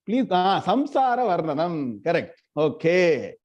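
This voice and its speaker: In a lo-fi online scripture class recorded through a video call, the teacher's a little high, slightly mellow voice moves in big pitch swings at a measured pace. The sound is muffled, and he often quizzes students by name during the lecture.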